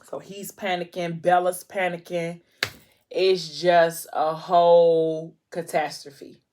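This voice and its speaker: A woman's voice: lowish voice, little pitch movement, slow, a little mellow, a little hiss or hum. A woman vlogger retelling a novel's plot in a casual, emotional way, with lots of fillers. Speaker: book vlogger. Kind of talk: casual book recap while eating.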